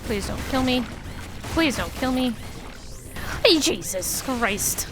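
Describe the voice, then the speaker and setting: A young woman streaming a video game, chatting casually with her viewers, swearing at the game and greeting people loudly. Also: sits high, takes it slowly, over music. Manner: chatty, swears, loud excited greetings to chat.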